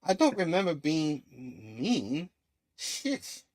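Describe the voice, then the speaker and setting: A man's voice: on the high side, very animated, slow, a little mellow, full character voice. A man reading a teasing young female lawyer's lines in a flippant tone, lightly voiced.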